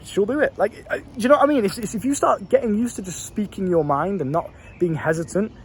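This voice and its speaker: A man's voice: high-pitched, fast, a little hiss or hum. A young man talking bluntly to camera, telling stories and swearing freely as he gives dating advice. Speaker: dating coach vlogger. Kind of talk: casual monologue to camera.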